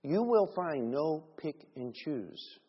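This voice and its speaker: A pastor delivers a sermon in a fairly high, husky voice. He pushes hard on his points, then falls to quiet, low asides. The lo-fi recording carries a long church reverb. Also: sing-song, slow. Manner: swings from loud emphatic bursts to quiet low asides. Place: church sanctuary.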